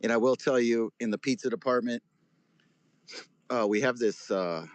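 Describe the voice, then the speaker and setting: A man's voice: medium pitch, moderate pace, no room sound. A man chatting casually on a live audio space, joking and rambling through stories. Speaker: guest speaker.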